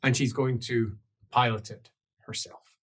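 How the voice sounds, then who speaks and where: A man narrating a tabletop role-playing game as game master, in an animated way with laughs and sound effects. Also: mid-range voice, measured pace.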